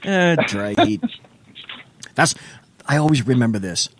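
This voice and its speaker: A man's voice: medium pitch, big pitch swings, unhurried, slight background noise. A man hosting a late-night call-in talk show, joking and bantering with salty asides.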